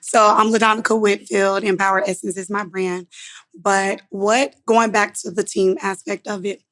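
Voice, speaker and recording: Woman, hoarse worn-out voice, audience question, conversational, rambling. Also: mid-range voice, level tone, normal speed, a bit bright. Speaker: audience member asking a question.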